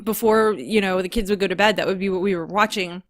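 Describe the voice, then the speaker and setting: A woman co-hosting a podcast, telling a story in a giggly, animated way. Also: medium pitch, fast talker. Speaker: podcast co-host. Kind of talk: casual chat.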